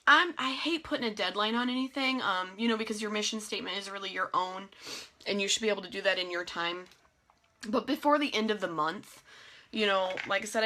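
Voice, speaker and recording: Woman team leader, bright heartfelt voice, live video training pep talk. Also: medium pitch. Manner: earnest, heartfelt, emotional. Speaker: network marketing team leader. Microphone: phone or webcam on a live video.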